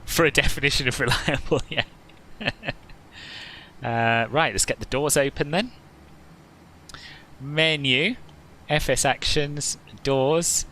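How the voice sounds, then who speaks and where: A man's voice: mid-range voice, slow, long pauses, sharp tone, a little hiss or hum, rough recording. A man chatting casually as he streams a flight simulator session, joking with viewers and often laughing at himself. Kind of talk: casual live-stream commentary.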